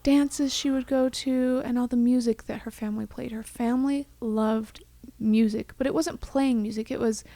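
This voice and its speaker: A young woman co-hosts a podcast in a loose, rambling way, with plenty of fillers. Her voice sits a bit high, with a gravelly vocal fry running through it, and she sounds tender and close to tears. The recording is dry and close, with almost no room sound. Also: fairly even intonation, normal speed, few pauses, warm tone, dry recording. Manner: chatty, rambling with many "like"s. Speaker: podcast co-host. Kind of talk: casual chat.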